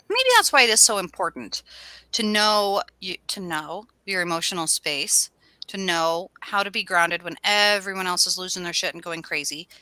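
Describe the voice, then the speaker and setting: Bright-voiced playful woman co-host. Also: medium pitch, no echo. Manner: playful, jokey, animated with sudden bursts. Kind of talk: casual chat about astrology.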